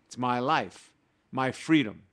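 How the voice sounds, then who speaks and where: Man as a talk show guest, explaining spiritual ideas at an even pitch, quoting a text and then unpacking it in plain terms. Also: slow pace. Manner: reads quoted passages, then explains them with acted-out everyday examples. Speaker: guest teaching Kabbalah.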